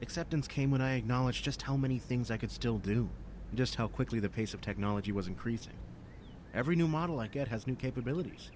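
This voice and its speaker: An actor voicing a blunt, matter-of-fact former firefighter in a video game. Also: male voice, medium pitch, quick pace, a little mellow, slight background noise, natural voice. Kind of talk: game voice acting.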